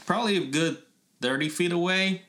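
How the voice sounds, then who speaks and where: A man's voice: high-pitched, brisk, pushed and bright, slight background noise. A man co-hosting a podcast in casual chat, teasing and laughing. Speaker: podcast co-host.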